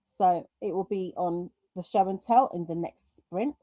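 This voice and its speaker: Running a live crafting stream, a British woman chats easily, reads out comments from viewers, and mutters to herself when tech glitches hit. Her voice is on the low side, a little slow, and dark in tone, with no echo.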